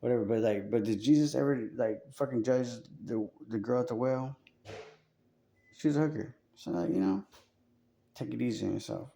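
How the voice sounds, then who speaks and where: A man's voice: mid-range voice, moderate pace, creaky, mellow. A man talking in a casual, rambling monologue, profane and full of fillers and restarts.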